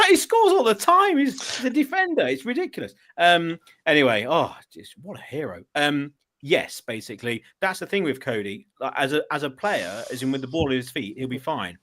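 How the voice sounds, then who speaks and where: A man's voice: mid-range voice, a bit bright. A man guest on a sports podcast, talking in a chatty, rambling way with frequent fillers and restarts. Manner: chatty, rambling, laughs at his own asides. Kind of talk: casual podcast chat.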